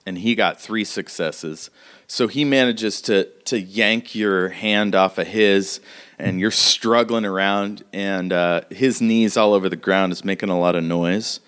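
A man acts as game master for a tabletop game, narrating combat in a casual, vivid way with plenty of fillers. His voice is smooth and clear and sits fairly low. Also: steady tone, measured pace, fairly bright tone.

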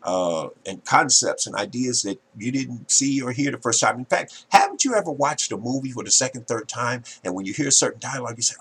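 Man, podcast host, gravelly voice, emphatic, salesy monologue. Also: medium pitch, animated, brisk, hardly any pauses. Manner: emphatic, salesy, keeps saying "ladies and gentlemen".

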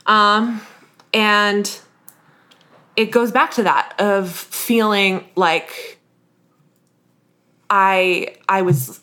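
A woman co-hosts a podcast in casual, candid chat. She speaks in a confessional, halting way, often stopping to restart a sentence. She grew up in the northern United States. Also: mid-range voice, fairly even intonation, pushed and bright, smooth. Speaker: podcast co-host.

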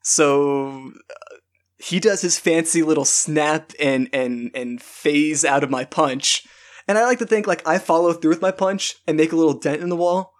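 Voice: medium pitch, moderate pace. A player in a tabletop game chats casually and giggles while painting a scene for the group. The delivery is loose and conversational. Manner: giggly, chatty, describes actions. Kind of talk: casual tabletop role-play.

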